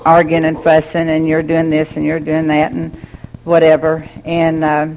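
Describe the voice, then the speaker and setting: A woman's voice: deep voice, monotone, moderate pace, vocal fry, a little mellow, rough recording. Candid woman telling her story. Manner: candid, laughs often while telling. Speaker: speaker sharing her recovery story. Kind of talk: personal testimony.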